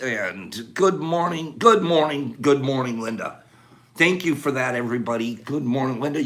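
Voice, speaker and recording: A man hosts a casual livestream in a loose, chatty way, calling out viewers by name. His voice sits in a middle pitch but rises and falls freely. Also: fairly bright tone. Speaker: livestream host.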